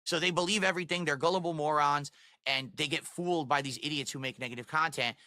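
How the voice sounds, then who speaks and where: A man's voice: a little high, fairly even intonation, quick pace, sharp tone, dry recording, clean studio sound. A man ranting on his livestream, self-assured and insulting toward his critics. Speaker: streamer. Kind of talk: livestream rant.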